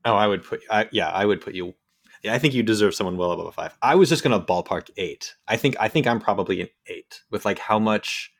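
A man's voice: fairly low pitch, lively intonation, quick pace, creaky. He is a man hosting a casual podcast, encouraging his guest. He feels his way through his thoughts, restarting sentences as he goes. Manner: supportive, hesitant, many restarts. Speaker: podcast host.

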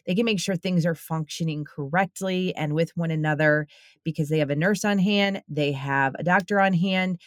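Podcast host, woman, low voice, upbeat, dry close-mic sound. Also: moderate pace, no room sound. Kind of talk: casual interview with ad read.

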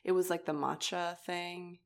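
A young woman co-hosting a casual chat podcast, animated and laughing often, peppering her talk with "like". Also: lowish voice, a little slow. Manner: animated, laughing, heavy use of "like". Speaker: podcast co-host.

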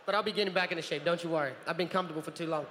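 A man in his thirties from New Zealand, telling animated stories as a guest on a convention panel and acting out other people's voices. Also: fairly high pitch. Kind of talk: anecdotal storytelling. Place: large convention hall. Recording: convention hall with reverb and faint noise.

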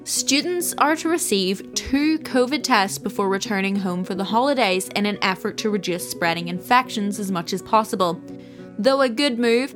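A woman co-hosting a comedy news podcast, reading scripted headlines with crisp, punny delivery. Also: medium pitch.

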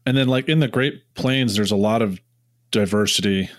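A man's voice: lowish voice, moderate pace, no echo, clean studio sound. A young man co-hosting a podcast, talking in a rambling, joking way full of fillers. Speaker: podcast co-host. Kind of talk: casual chat.

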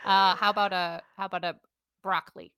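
A woman's voice: mid-range voice, little pitch movement, brisk, bright, forceful tone, clean tone, no room sound, clean studio sound. A woman co-hosting a casual podcast chat, giggly and emotional, sometimes putting on a game-show announcer voice. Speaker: podcast co-host.

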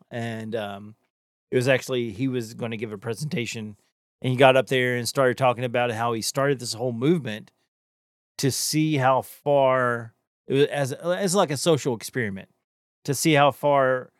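A man's voice: medium pitch, dry recording, studio quality. A man chatting casually as a podcast co-host, rambling with many fillers and restarts. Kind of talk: casual chat.

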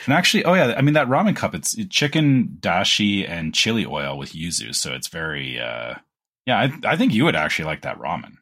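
A man's voice: sits low, big pitch swings, brisk, a bit bright, slightly rough. A man co-hosting a podcast in casual chat, enthusiastic and often stumbling over his words. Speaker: podcast co-host.

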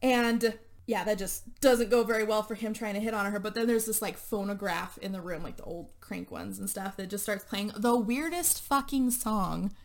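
A woman's voice: medium pitch, moderate pace, vocal fry. A woman co-hosting a podcast, recapping a movie plot in casual chat, rambling along with lots of fillers and laughing as she goes. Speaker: podcast co-host.

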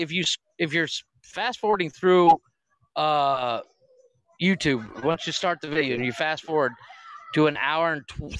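A man's voice: fairly high pitch, a bit bright, no room sound. A man co-hosting a podcast, telling profane stories in casual chat and laughing often. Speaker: podcast co-host. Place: home recording room.

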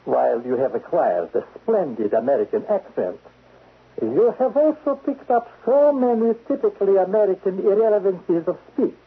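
A man playing a cold, menacing foreign spy chief in a 1970s radio drama, clipped and husky. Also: high-pitched, very animated, normal speed, full character voice. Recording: dull lo-fi radio broadcast.

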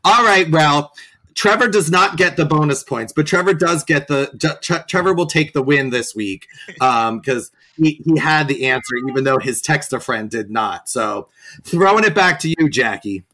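A man hosting a casual podcast chat, quick and playful, laughing often as he runs a quiz. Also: fairly high pitch, animated, bright, forceful tone. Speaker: podcast host running a quiz.

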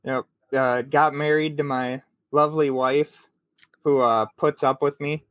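A man's voice: medium pitch, steady tone, unhurried, fairly bright tone, dry recording. A man in his late twenties from Minnesota with a Minnesota accent, hosting a podcast interview over a video call and rambling with many fillers. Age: 20s. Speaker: podcast host.

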